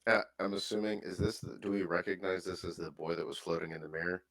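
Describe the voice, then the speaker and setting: A man with an extremely low voice plays along in a tabletop game. He talks casually and hesitantly, with plenty of fillers as he thinks aloud. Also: steady tone, fast talker, creaky, fairly bright tone. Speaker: player.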